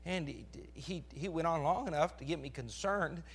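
A pastor in his forties preaching a sermon with a crackly, strained voice, animated and rising to loud emphasis. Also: on the high side, normal speed, gravelly, breathy edge. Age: 40s.

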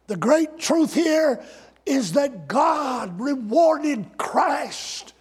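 A man preaching a folksy, sarcastic sermon that builds to shouted climaxes. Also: very high voice, very animated, extremely slow, slightly rough.

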